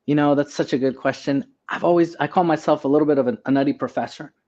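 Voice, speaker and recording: A man's voice: fairly high pitch, fast talker. A man, an emergency doctor, telling personal stories as a guest in a casual interview and acting out the dialogue. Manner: animated storyteller, acts out quoted dialogue. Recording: slightly dull lo-fi sound.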